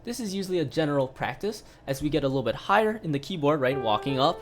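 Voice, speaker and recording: A man's voice: mid-range voice, quick pace, few pauses. Casual male piano teacher explaining at the keyboard. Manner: relaxed, explanatory, frequent "right?" tag questions and fillers. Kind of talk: casual online piano lesson.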